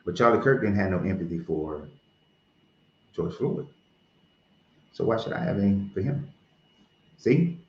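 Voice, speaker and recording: A man's voice: low voice, lively intonation, a little slow, long pauses, darkish tone. A man hosting his own show, giving blunt, profane, heated commentary in a casual tone. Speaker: podcast host. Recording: roomy, dull lo-fi sound.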